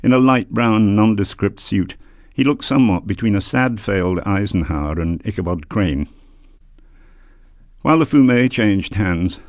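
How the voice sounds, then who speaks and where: A man reading his own literary memoir aloud in a measured, dramatic way. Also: deep voice, no room sound, studio quality.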